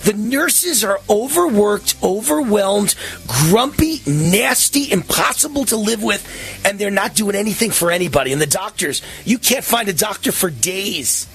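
A man's voice: high-pitched, a little slow. A man hosting a talk radio show, ranting with indignation and acting out little scenes as he talks. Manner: animated and indignant, acts out scenes.

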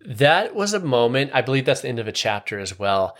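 A man's voice: medium pitch, sing-song, brisk. Laid-back slangy male podcast co-host. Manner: laid-back, slangy, chuckles while describing scenes. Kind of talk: casual chat about a comic.

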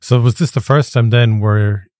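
Man, podcast host; low, mellow, calm and dry. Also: normal speed, no room sound. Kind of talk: interview.

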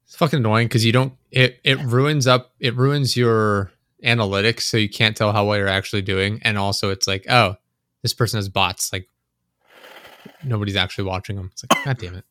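A man on a casual podcast rants about everyday annoyances and swears freely. He acts out his own exasperated inner voice as he goes. His bright, forward voice sits dry and close on the mic. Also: lowish voice, steady tone, fairly quick, no room sound. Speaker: podcast co-host. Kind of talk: casual chat.

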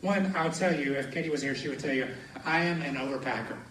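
A man preaching a sermon as a pastor, telling personal stories in an animated way and laughing through them, from a podium in a church sanctuary. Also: a little high, quick pace, a crowd in the background. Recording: echoey hall, somewhat distant.

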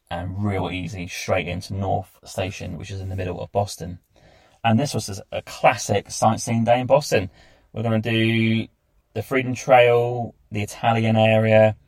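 Hosting a travel podcast, a man recounts his trip like a casual travel diary, chatty and enthusiastic, running through lists. His voice is fairly low, creaky and a little mellow, with no echo.

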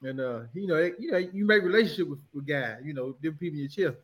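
A man, a barber, swapping shop stories in a casual group chat, laughing and often dropping into a murmur. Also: very fast. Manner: laughing, drops to a low murmur. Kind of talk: casual storytelling.

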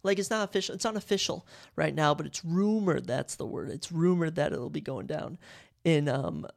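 A young man from Minnesota hosting a casual solo podcast, talking in an excitable, rambling way and often correcting himself. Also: fairly high pitch, normal speed, creaky. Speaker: podcast host.

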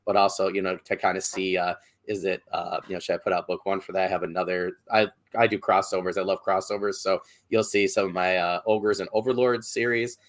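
A man's voice: low-pitched, level tone, brisk, few pauses. A man who hosts a podcast and writes, talking eagerly and in a rambling way on a video call. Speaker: podcast host and author. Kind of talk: casual podcast chat.

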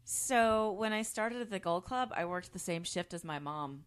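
A woman guest with a lively, swooping voice that rises and falls a lot. She needles the host with blunt, teasing one-liners in a loose, casual chat. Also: medium pitch, normal speed, smooth.

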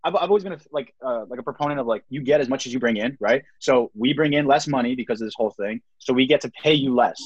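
A man's voice: mid-range voice, fast talker, few pauses, slightly rough, no room sound. A young man hosting a casual sports chat, rambling with many fillers like "like" and "um". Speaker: podcast host. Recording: slightly dull lo-fi sound.

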